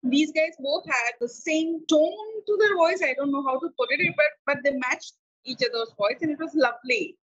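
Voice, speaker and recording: Sex: woman. Role: reaction video co-host. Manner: hesitant, searching for words. Pitch: high. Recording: dull, lo-fi. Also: moderate pace, a bit bright. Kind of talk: casual chat.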